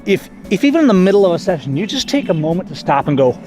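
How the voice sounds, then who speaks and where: Excitable man vlogging outdoors. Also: high voice, fast talker, loud music behind the voice. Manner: excited, rambling, restarts phrases. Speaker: photography vlogger. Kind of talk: casual outdoor vlog. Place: outdoors in a park at sunset.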